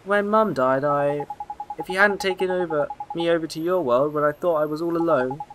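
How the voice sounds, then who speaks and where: A man's voice: a little high, normal speed, noisy background, pitched above the performer's own voice, lightly acted. A man voicing an earnest, timid young boy who stammers now and then, with game music behind.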